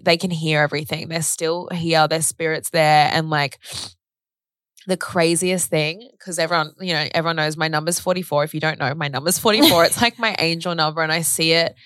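A woman's voice: deep voice, no room sound, clean studio sound. Candid woman telling a story. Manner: candid, animated retelling with frequent "like" and swearing. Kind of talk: casual emotional conversation.

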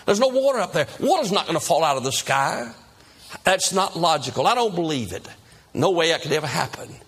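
Skeptical man mocking a prophet, played by a preacher, high and huffy, husky edge. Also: big pitch swings, fairly quick, fairly bright tone, heavily acted. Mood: scornful. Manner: indignant and dismissive.

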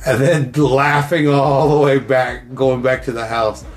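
A man's voice: medium pitch, steady tone, a little slow, soft background music. A young man co-hosting a casual podcast, telling rambling, profane stories and laughing along. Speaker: podcast co-host. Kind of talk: casual chat.

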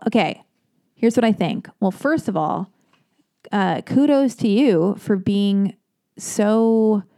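A woman's voice: mid-range voice, dark tone. A woman hosting an advice segment who answers a listener letter in casual chat, candid and self-deprecating, wandering into long digressions and swearing freely.

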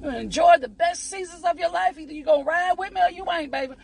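A woman's voice: very high voice, fast, creaky, darkish tone, a little hiss or hum, rough recording. A woman giving a fervent preaching-style motivational talk, repeating herself and calling listeners honey and baby. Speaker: inspirational speaker.

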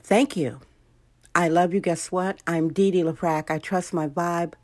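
A woman's voice: on the low side, fairly even intonation, a little slow, darkish tone, dry recording. An American woman hosting a podcast, telling stories in a casual monologue and acting out the voices of people she quotes. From United States. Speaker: podcast host.

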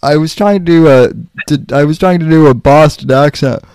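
A man hosting a casual podcast over an online call, speaking slowly and deliberately with pauses and fillers. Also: on the high side, darkish tone, clear, resonant tone, dry recording. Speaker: podcast host.

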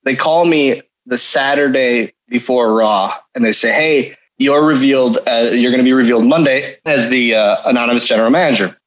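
A man's voice: medium pitch, moderate pace, hardly any pauses, muffled recording. A man telling stories as a podcast guest, rambling and self-deprecating. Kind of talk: casual storytelling.

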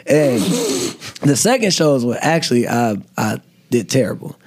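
A man's voice: medium pitch, sing-song, measured pace, a little mellow, slightly rough. A young man, a comedian guest, telling a story in casual chat with lots of laughs and restarts. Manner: rambling, laughing, fillers and restarts.

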